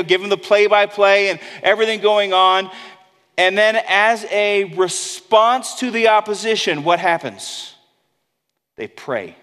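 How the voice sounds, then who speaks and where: A man preaching a sermon in a conversational way, dropping low and quiet on key words and acting out the voices of people he quotes. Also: long reverb tail. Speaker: pastor.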